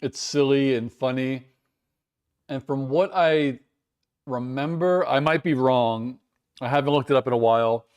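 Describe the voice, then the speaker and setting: A man's voice: mid-range voice, measured pace, darkish tone, smooth. American guy rambling on his live stream, chatty, pokes fun at himself, medium voice. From United States. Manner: rambling, chatty, self-deprecating. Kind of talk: casual live-stream chat reading viewer comments.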